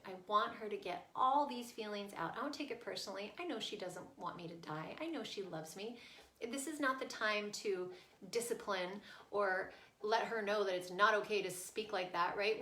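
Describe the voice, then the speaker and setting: This woman's voice sits at medium pitch with a slightly bright quality. She's a parenting coach giving casual, earnest teaching on staying with a child during a tantrum, often asking "right?", and the room echoes around her.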